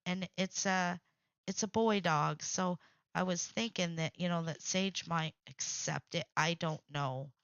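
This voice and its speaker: Slow, gravelly-voiced woman chatting. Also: fairly low pitch, dry recording, highs cut off. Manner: chatty, warm-hearted, laughs often, repeats herself. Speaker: host of a crafting livestream. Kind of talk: casual chat reading viewer comments.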